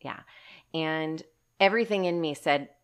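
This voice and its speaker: A woman co-hosting a podcast, telling a story in casual chat, animated and emphatic, calling her listeners y'all and swearing casually. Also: low-pitched, unhurried, smooth. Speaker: podcast co-host.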